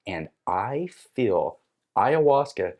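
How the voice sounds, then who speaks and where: A man guest on a podcast, telling a personal story in a casual, animated way and acting out his own lines. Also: on the low side, very slow, muffled recording.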